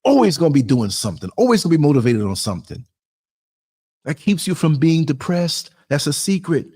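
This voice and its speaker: A man's voice: a little high, brisk, breathy edge. A man giving a blunt, streetwise motivational monologue on his podcast, acting out bits of dialogue as he tells stories. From New York. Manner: streetwise, blunt, animated storytelling with acted-out quotes.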